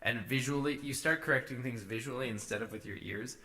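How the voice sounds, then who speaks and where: A streamer producing music talks casually through his vocal edits on a live stream, musing to himself and singing short takes as he works. His medium-pitched voice is brisk with a sharp tone.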